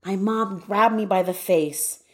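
With a mid-range voice and a measured pace, a young Canadian-raised woman recounts an amusing story from her childhood. She tells it in a lively, comic way, slipping into playful voices.

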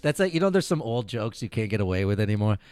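A man hosting a casual sports podcast, animated and profane, laughing as he tells stories. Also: lowish voice, quick pace, smooth, no echo. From United States. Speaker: podcast host.

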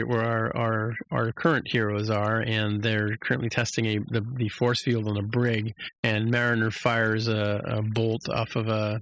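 A man's voice: on the low side, little pitch movement, measured pace, hardly any pauses, a bit bright, no room sound, poor audio. A man hosting a podcast, giving a rambling, casual recap of a TV episode with lots of restarts, fillers and snippets of acted-out quotes. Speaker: podcast host.

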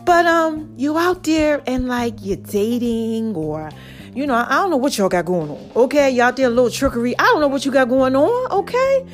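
Very animated yet at normal speed, a high-pitched woman narrates a story on her own podcast as soft music plays. She's chatty and direct with her audience, often repeating "baby" and "okay."

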